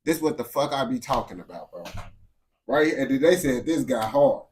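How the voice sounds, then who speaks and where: A man's voice: mid-range voice, lively intonation, moderate pace, a little mellow. A man giving casual reaction commentary, blunt and profane, full of slang and repeated phrases. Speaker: reaction streamer.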